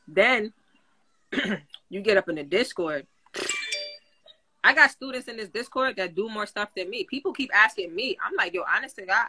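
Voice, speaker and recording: Animated slangy woman with a bright voice. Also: medium pitch. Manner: animated, slangy, hypes and laughs often. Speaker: credit coach teaching a class. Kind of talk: casual livestream talk. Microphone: phone.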